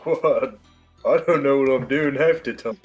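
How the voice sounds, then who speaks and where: A man playing his character in a tabletop game, talking in a slow, dim-witted way. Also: medium pitch, breathy edge, lo-fi sound, soft background music. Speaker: player.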